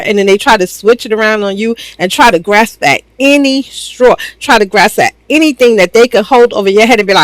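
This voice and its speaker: A woman's voice: on the high side, a little fast, few pauses, dry recording, rough recording. A woman hosting a reality TV reaction video, giving blunt, sassy, slang-filled opinions in casual commentary.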